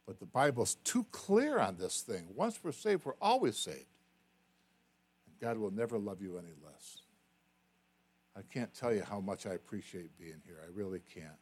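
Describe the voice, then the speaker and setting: A man's voice: mid-range voice, breathy edge. A man preaching as a guest in a folksy, self-described redneck way, earnest and pleading, often stumbling and repeating words. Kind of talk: sermon with altar call.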